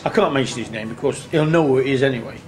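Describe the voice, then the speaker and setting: A man who sings in a tribute band races through a rambling, earthy anecdote, swearing and acting out what people said. His medium-pitched voice has a darkish tone, with faint music behind it in a noisy on-location recording.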